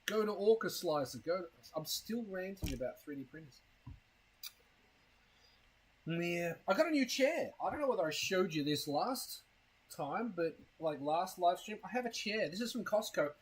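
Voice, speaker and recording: Husky, rambling male live streamer. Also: high-pitched, animated, normal speed, rough recording. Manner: rambling, crude and self-mocking. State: has hiccups. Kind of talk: casual live-stream chat.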